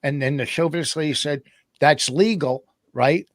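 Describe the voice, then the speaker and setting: A man's voice: on the high side, normal speed, dry recording, studio quality. A man on a comedy podcast, ranting with exasperation as he tells stories about stand-up gigs. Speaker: comedian co-host. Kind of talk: casual podcast banter.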